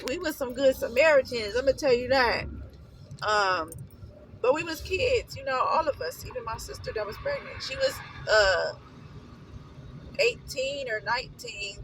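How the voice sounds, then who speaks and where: A woman's voice: high-pitched, sing-song, normal speed, fairly bright tone, a little hiss or hum, poor audio. A young woman from Oakland, California, telling her own story to the camera in a casual, emotional way, wandering off into asides. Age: young adult. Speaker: vlogger.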